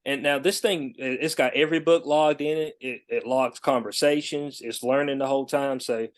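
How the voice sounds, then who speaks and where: A male podcast host talks in a relaxed, slangy way. He acts out rude call-center exchanges with a lifted voice. His pitch sits in the middle range. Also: normal speed. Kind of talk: casual podcast chat.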